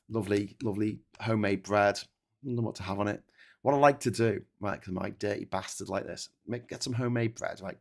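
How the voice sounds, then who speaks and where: A man's voice: fairly low pitch, gravelly. A man hosting a casual livestream chat, rambling and sweary, often tagging on "right?". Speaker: host.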